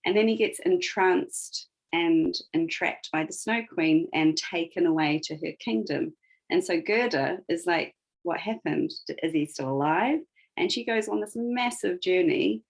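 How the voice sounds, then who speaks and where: Low-voiced woman retelling a story. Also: measured pace, creaky, rough recording. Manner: reflective, retells a story with emphasis. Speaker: guest. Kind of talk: conversational podcast storytelling.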